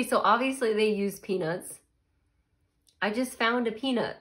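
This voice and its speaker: A woman's voice: a little high, measured pace, long pauses, a bit bright. A woman chatting casually while tasting snacks, murmuring and laughing as she eats. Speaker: snack reviewer.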